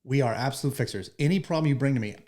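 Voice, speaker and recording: A man, a firefighter guest, telling stories in an interview in an animated, joking, profane way. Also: mid-range voice, very fast. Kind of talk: storytelling in a podcast interview.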